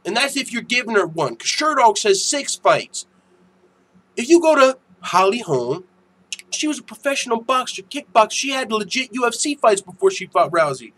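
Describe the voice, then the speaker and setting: Young male host, casual profane commentary, lively and quick to flare up, high voice. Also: husky, poor audio. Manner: profane, animated, quick to get heated and shout. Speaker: MMA news channel host.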